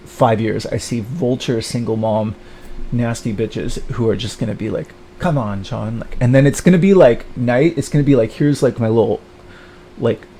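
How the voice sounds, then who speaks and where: Bitter, halting man with a dark voice. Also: slight background noise. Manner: bitter, halting, full of fillers and restarts; mocks others in high put-on voices. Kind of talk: rambling livestream monologue.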